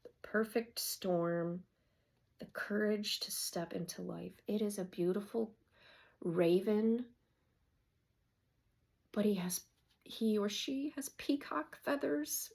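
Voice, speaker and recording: A woman's voice: medium pitch, creaky, a little mellow. A woman in her fifties giving a casual oracle card reading, reading the card text aloud and then rambling about it. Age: 50s.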